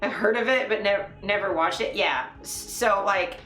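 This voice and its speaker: A woman from Canada chats loosely on a live stream, laughing often and trailing into fillers. Her voice sits at an ordinary pitch, and it bounces around a roomy space. Faint music plays underneath. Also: normal speed, a bit bright. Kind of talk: casual chat.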